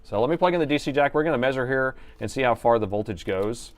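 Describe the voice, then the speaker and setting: A man's voice: medium pitch, lively intonation, fast talker, slight background noise. A middle-aged man on a laptop repair live stream, rambling and joking while he works in his workshop. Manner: rambling and joking, thinks aloud, slips into an announcer voice.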